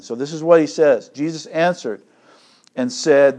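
A man preaching an expository sermon, slow and deliberate, with loud emphatic swells and casual asides. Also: a little high. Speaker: pastor.

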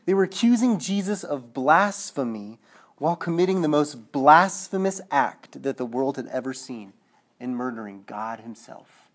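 A man preaching with lively energy, slipping into little acted voices and checking in with the room. He sinks to a low, hushed tone when the message turns heavy. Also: moderate pace. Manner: animated, acts out quotes, checks in with listeners. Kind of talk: sermon.

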